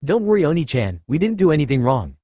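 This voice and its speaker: A man's voice: a little high, very animated, fast, dark tone, no echo. A man plays a mischievous young boyfriend in an audiobook, coaxing and teasing with a lifted, playful lilt. The voice sits close and dry on the mic. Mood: reassuring.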